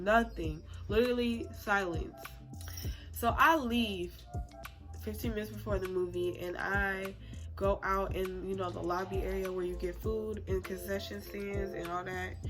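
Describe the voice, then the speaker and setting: A young woman recounts a personal story in a casual, chatty way, full of slang and expressive asides. Her voice sits in an ordinary middle range. Music plays clearly beneath her. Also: medium pitch. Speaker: vlogger. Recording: music playing under the voice.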